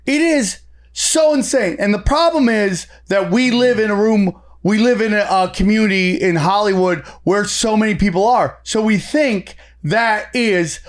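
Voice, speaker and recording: A man in his forties, a comedian, telling stories in an animated casual chat and swearing often. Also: high-pitched, a little slow. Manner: animated storytelling, frequent swearing. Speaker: guest comedian.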